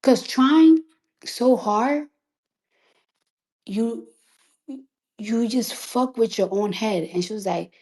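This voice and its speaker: A woman's voice: a little high, takes it slowly, pauses often, warm tone, poor audio. A woman, giving a defiant, emphatic and profane monologue. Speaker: rapper. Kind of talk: impassioned monologue.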